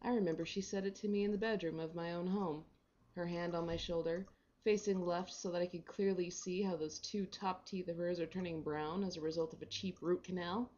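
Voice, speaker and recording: Woman reading, wry and mellow. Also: lowish voice, steady tone, brisk, lo-fi sound. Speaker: reader. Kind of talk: reading a short story aloud.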